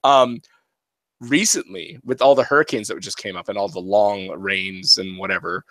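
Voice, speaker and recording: Earnest low-voiced dad. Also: male voice, moderate pace, fairly bright tone, dry recording. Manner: earnest, reflective, repeats himself. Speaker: podcast co-host. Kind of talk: casual chat.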